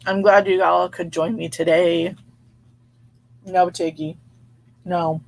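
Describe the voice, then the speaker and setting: A woman hosting a relaxed livestream, chatting with viewers, laughing often and reading their comments aloud. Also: fairly low pitch, takes it slowly, creaky. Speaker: livestream host reading chat. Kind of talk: casual live chat.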